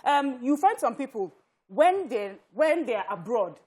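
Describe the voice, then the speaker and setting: A woman's voice: high voice, big pitch swings, unhurried, darkish tone, husky. Earnest Nigerian woman explaining on a panel. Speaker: talk show co-host. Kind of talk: studio panel discussion. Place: studio.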